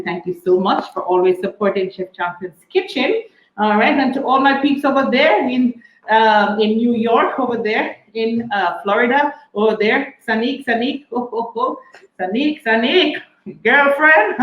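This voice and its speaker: A woman talks as the host chef on a cooking stream, upbeat and chatty, with "all right" between each shout-out. The sound rings in an echoey room and comes across a little dull. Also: mid-range voice. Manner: cheerful, repeats "all right" and "big up yourself". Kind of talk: casual shout-outs on a live cooking stream.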